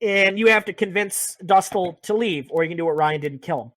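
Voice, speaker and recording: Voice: mid-range voice, a little fast, a bit bright, no room sound. A speaker casually recapping a video game's story, rambling, joking and swearing a lot. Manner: profane, rambling, jokey. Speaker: podcast host.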